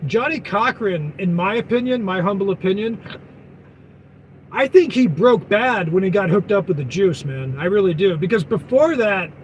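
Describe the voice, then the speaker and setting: A high-pitched man vlogging as a trucker chats loosely with his viewers. He meanders, loses his point and circles back with "but anyway". A faint hum of vehicle noise sits under his voice. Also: expressive, normal speed, highs cut off. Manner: meandering, loses his thread, heavy fillers and self-corrections. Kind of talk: rambling casual live chat.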